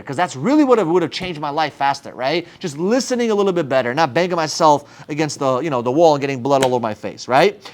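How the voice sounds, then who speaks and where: A man giving an energetic, emphatic motivational talk to camera about advice to his younger self, with slangy phrasing. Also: high-pitched. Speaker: sales business owner.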